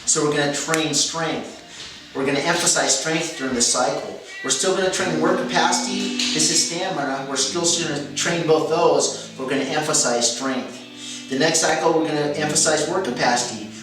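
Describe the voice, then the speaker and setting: A man's voice: on the high side, moderate pace. Methodical male coach in an echoey room. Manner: methodical, repeats key phrases, self-corrects. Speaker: fitness coach. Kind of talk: explaining a training method. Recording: echoey room, mic at a distance, music behind.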